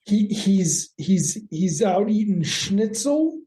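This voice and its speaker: A woman co-hosting a podcast, recapping an episode in a wry, deadpan way. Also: mid-range voice, slow, echoey room. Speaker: podcast co-host.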